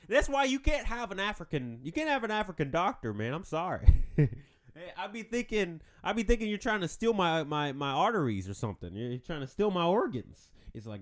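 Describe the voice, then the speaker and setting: A man's voice: fairly high pitch, sing-song, a little fast. A man hosting a podcast, rambling through a casual comedic monologue and laughing at his own jokes. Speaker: podcast host.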